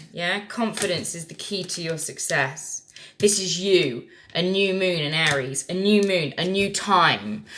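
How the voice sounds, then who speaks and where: A woman's voice: on the low side, pushed and bright. A woman giving a casual tarot reading, blunt and lecturing, who swears freely. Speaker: tarot reader.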